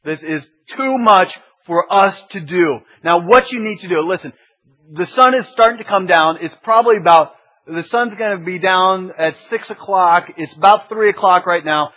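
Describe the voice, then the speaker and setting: A man voicing exasperated male disciples who argue loudly and practically about feeding a crowd. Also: sits high, normal speed, pitched above the performer's own voice. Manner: loud, incredulous, pleading. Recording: dull lo-fi sermon recording.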